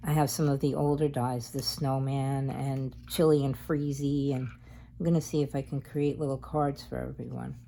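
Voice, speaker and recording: Low, mellow-voiced woman crafting. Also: flat delivery, moderate pace, creaky, slight background noise. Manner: chatty and meandering, talks while working. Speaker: craft vlogger. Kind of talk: casual craft tutorial talk.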